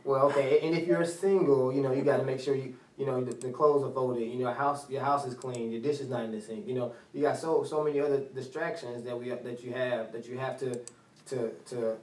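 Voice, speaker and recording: A man's voice: mid-range voice, steady tone, brisk, darkish tone, distant mic. A man hosting a talk radio show, rambling and repeating phrases as he talks. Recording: roomy studio sound from off mic.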